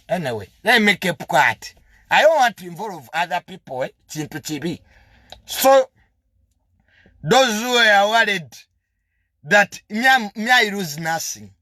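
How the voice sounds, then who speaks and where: A young Ugandan man rants defiantly, his high voice leaping up and down with indignation. He sounds bright and sharp, switching languages mid-sentence, recorded close and dry with no room sound. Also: no echo. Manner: mixes two languages. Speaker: media personality. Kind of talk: heated monologue.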